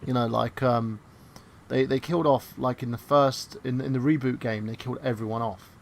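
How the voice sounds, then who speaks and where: A man's voice: mid-range voice, fairly even intonation, normal speed, gravelly, slight background noise. A man co-hosting a casual podcast chat who rambles, stammers and reads chat comments aloud. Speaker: podcast co-host.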